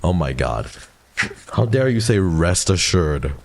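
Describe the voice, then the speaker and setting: A man's voice: low-pitched, very animated, slow pace, vocal fry, no room sound. A man in his twenties, a streamer casually chatting with his viewers and playfully teasing them with mock outrage. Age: 20s.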